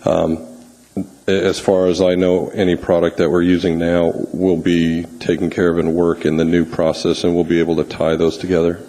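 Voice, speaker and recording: Very deep-voiced, hesitant male official. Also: monotone, warm tone, in a large hall, rough recording. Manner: hesitant, many pauses and fillers. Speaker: municipal official answering questions. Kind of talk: formal testimony at a meeting. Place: public assembly chamber.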